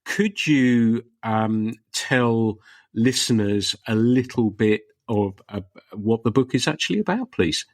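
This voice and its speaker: A man hosting a podcast interview, asking his guest questions in an appreciative, gently leading way. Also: medium pitch, expressive, takes it slowly, no echo, studio quality. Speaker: podcast host.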